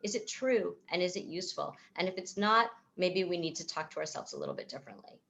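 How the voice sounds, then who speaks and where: A woman psychotherapist with a fairly low voice speaks over a video call. She explains ideas thoughtfully, circling back and restarting her sentences as she goes. Her talk comes across as calm and considered. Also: fast, vocal fry. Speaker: psychotherapist and author. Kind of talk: virtual event talk, answering a host's questions.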